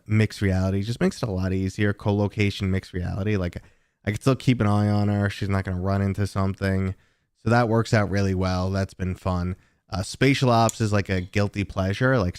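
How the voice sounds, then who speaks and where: A man with a New York accent, hosting a casual livestream and chatting with viewers in a talkative, relaxed way. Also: lowish voice, smooth, no echo, studio quality. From New York City. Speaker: livestream host.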